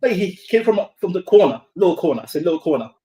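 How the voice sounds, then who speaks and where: A young man from Somalia tells a spooky story to his friends in loose, casual chat. He talks in an animated way, swearing freely and tripping over repeats and restarts. His voice sits a little high for a man. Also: quick pace, poor audio.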